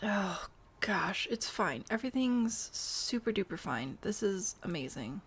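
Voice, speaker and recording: A woman's voice: medium pitch, sing-song, a little slow, fairly bright tone, slight background noise. A woman streamer chatting casually while she builds in a game, wry and self-deprecating, answering chat and hiccuping now and then. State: has the hiccups.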